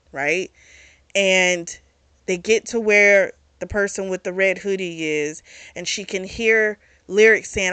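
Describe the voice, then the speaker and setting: A woman hosting a book club, casually recapping a novel's plot, animated and swearing freely. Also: medium pitch, smooth, no echo.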